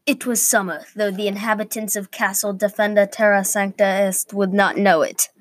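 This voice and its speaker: A woman reading a medieval adventure story aloud at a middle pitch, steady but with small slips. The sound is dry and close, with no room around it. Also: moderate pace, dry recording.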